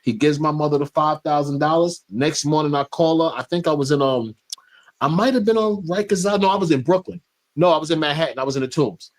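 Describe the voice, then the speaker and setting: A man telling a long, lively anecdote and acting out the dialogue. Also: on the high side, quick pace. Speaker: interview guest. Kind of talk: casual storytelling.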